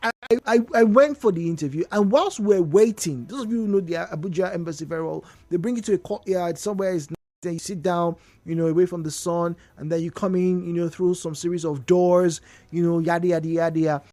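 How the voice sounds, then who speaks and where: A woman's voice: lowish voice, fairly quick, dry recording. A Nigerian woman hosting a radio call-in talk show, telling stories with emphatic repetitions. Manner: animated storyteller, emphatic repetitions. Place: radio studio. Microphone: studio microphone.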